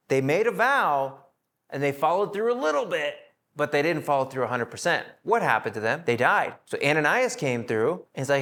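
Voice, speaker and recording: A man's voice: animated, fairly quick, fairly bright tone. A man teaching a Bible study to a live group, acting out the people in his stories with shifts in his voice. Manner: acts out quoted voices with shifts in pitch.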